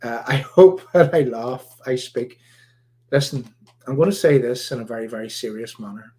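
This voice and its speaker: A man from Ireland, hosting a political commentary livestream in an emphatic, repetitive, halting way. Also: medium pitch, dark tone. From Northern Ireland. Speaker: livestream host.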